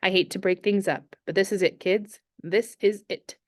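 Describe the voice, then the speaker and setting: A woman voicing a precocious small boy who talks quickly and eagerly. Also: medium pitch, animated, a little mellow, lightly acted. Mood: excited.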